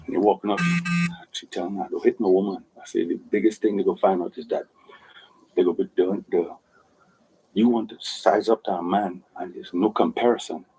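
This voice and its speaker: A Jamaican man with a low, gravelly, husky voice talks quickly and insistently. He keeps asking "right?" as he tells his side of a dispute. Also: fairly even intonation, mellow, low-quality recording. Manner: insistent, repeats "right?" to seek agreement. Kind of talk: telling his side of a dispute in a played clip.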